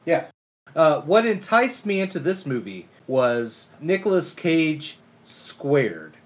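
High-pitched male guest, dry and halting, casual review chat. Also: sing-song.

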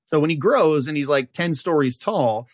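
A man's voice: on the high side, expressive, normal speed, no echo, clean studio sound. A man co-hosting a casual comedy podcast, spinning crude jokes and acting out quoted lines. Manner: spins crude comic bits, acts out quoted voices. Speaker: podcast co-host.

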